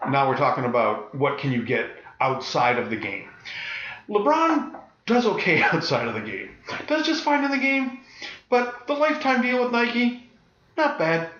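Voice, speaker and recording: A man's voice: fairly high pitch, very animated, normal speed, fairly bright tone. A man co-hosting a podcast in casual chat, matter-of-fact and dry, chiming in with points. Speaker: podcast co-host. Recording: echoey room, dull lo-fi sound.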